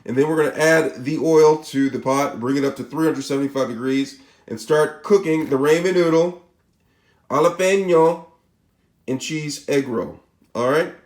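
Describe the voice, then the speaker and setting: A man with a Spanish accent walks through a recipe step by step, casual and chatty, often checking in with the viewer. His voice sits a little high for a man. The room around him is echoey. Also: normal speed, a little mellow. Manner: casual, repeats "all right?" and "okay?" to check in. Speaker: cooking channel host. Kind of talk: step-by-step cooking demonstration.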